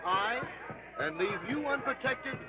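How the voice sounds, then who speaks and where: An actor playing a gallant young medical student in a 1930s film. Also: male voice, extremely high pitch, animated, a little slow. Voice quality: gallant, stammering when nervous. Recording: dull lo-fi 1930s film sound.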